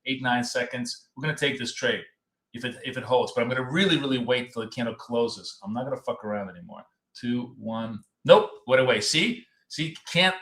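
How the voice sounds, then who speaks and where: A man's voice: medium pitch, pushed and bright. Blunt, joking man in an echoey room. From Russia. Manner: blunt, joking, swears freely. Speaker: trading show co-host. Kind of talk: casual live trading chat.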